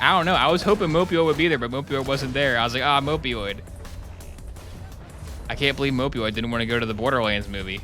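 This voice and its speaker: A young man running live gameplay commentary, talking loosely to his chat and cracking jokes between fights. His voice is bright and forward, with a mid pitch. Faint music plays in the background. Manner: chatty, joking, talks to chat while playing. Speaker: streamer.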